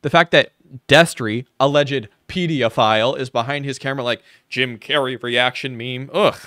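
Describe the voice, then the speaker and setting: A man's voice: mid-range voice, moderate pace, bright, forceful tone, no room sound, clean studio sound. A man doing sarcastic reaction commentary on a video, mocking and swearing as he rants. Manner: mocking, profane, ranting.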